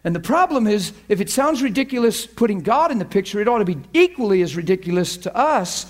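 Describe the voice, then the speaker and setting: A man's voice: sits high, very animated, quick pace. A male preacher giving a sermon, often repeating words and checking in with his listeners.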